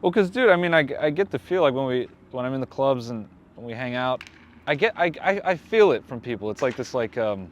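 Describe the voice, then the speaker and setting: A man's voice: mid-range voice, animated, a little fast. A man who is a comedian, guesting on a podcast and riffing in a self-deprecating way. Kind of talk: casual comedic chat.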